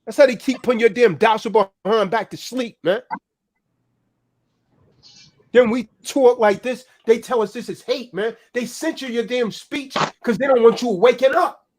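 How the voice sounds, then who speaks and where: A man's voice: very high voice, normal speed, a little mellow, a little hiss or hum. A man delivering a heated, profane political rant in a preaching manner, tagging "man" onto his lines.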